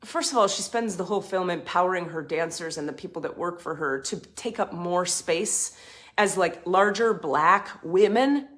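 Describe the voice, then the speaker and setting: A woman hosting a casual spiritual talk, passionate and blunt, swearing freely and swinging between emphatic points and softer asides. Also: lowish voice, normal speed. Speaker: spiritual advice host.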